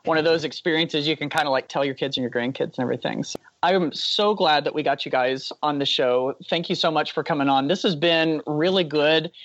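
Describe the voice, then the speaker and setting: A man's voice: a little high, a little fast, few pauses, a bit bright, no echo, lo-fi sound. A man co-hosting a podcast, chatting casually and thanking his guests. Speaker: podcast co-host. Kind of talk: interview wrap-up chat.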